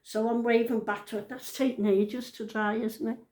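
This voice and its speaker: A woman's voice: fairly high pitch, little pitch movement, moderate pace, a little mellow, echoey room. A woman in her seventies, telling a family story at home in a chatty, rambling way, often breaking off and interrupting herself. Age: 70s. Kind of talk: casual storytelling to camera.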